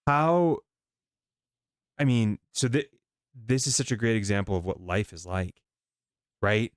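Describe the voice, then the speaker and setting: A man's voice: lowish voice, measured pace, clean tone, no echo, studio quality. A man hosting a podcast interview, supportive and chatty, with frequent short affirmations. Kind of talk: conversational interview.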